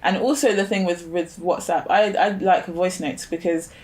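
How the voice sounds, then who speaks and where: A woman's voice: fairly low pitch, fairly even intonation, moderate pace, darkish tone. A woman as a podcast guest in casual chat, reflective, thinking aloud with fillers and rhetorical questions.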